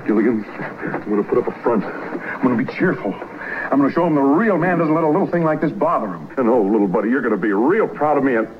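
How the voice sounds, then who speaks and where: A man's voice: medium pitch, animated, fast, a little hiss or hum, lightly acted. An actor playing a blustery middle-aged ship captain in a 1960s sitcom, delivering his lines boldly and theatrically. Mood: resolute. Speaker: sitcom character. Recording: dull old TV audio.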